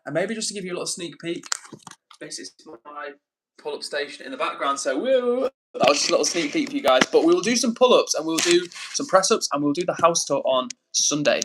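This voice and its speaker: A young man from England hosts a live stream, reading viewer comments aloud and greeting each person by name in a friendly, casual way. His voice is fairly high, expressive, and fast, with background noise in the recording.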